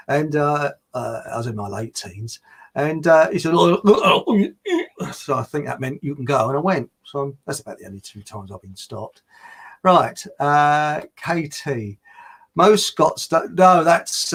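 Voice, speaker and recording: A chatty man with a husky, slightly raised voice that swings up and down expressively as he talks. He rambles casually between stories and viewer comments, full of fillers and restarts. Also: on the high side, fairly bright tone. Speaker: livestream host reading viewer comments. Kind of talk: rambling casual chat with anecdotes.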